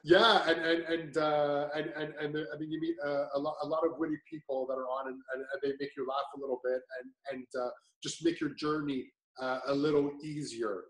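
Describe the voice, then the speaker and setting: Brief: man, a bit high, rambling testimonial, echoey room. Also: flat delivery, brisk, fairly bright tone. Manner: rambling, many restarts and fillers. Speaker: client giving a testimonial. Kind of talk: casual testimonial chat.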